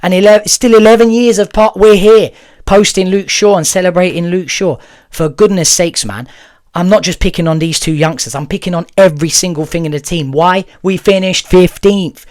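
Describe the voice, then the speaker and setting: A man's voice: high voice, moderate pace, darkish tone, no room sound, studio quality. A man hosting a football channel, ranting bluntly and heatedly, with frequent "yeah?" and "right?" tag questions. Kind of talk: ranting fan commentary.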